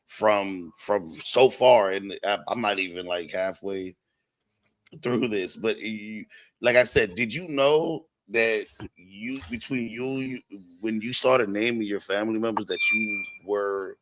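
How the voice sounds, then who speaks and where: Brief: relaxed male podcast host with a lowish voice, casual bro-talk. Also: takes it slowly, no room sound. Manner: laid-back, says bro a lot. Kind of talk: casual chat.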